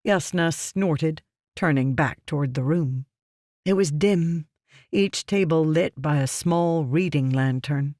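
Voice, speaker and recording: An audiobook narrator reading a fantasy novel in a measured, even storytelling voice. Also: medium pitch, no room sound, clean studio sound.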